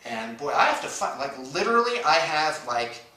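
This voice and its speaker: A man's voice: fairly high pitch, sing-song, moderate pace, bright, forceful tone. A middle-aged man co-hosting a casual morning talk show, joking dryly at his own expense with lots of hesitation. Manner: dry, self-mocking humor with frequent hesitations. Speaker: radio show co-host. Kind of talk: casual banter. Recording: echoey room, distant from the mic.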